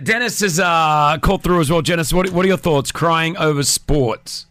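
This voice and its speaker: A man hosting a casual radio call-in show, talking in an animated way and mimicking whiny voices. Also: fairly high pitch, normal speed, faint music behind. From partly Lebanese.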